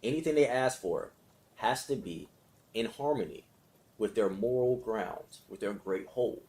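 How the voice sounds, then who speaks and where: A man with a fairly low voice leads a self-help study session in a relaxed, conversational way. He circles back over his points, checks in often with his listeners and laughs lightly between phrases before easing them into a quiet meditation. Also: a little slow. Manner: conversational, repetitive, with frequent check-ins. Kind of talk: casual explanation and guided meditation.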